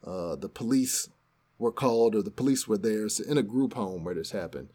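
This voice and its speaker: A man's voice: lowish voice, animated, normal speed, mellow. A man co-hosting a podcast, casually retelling a news story and acting out the quotes. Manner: conversational storytelling, acts out quotes. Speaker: podcast co-host.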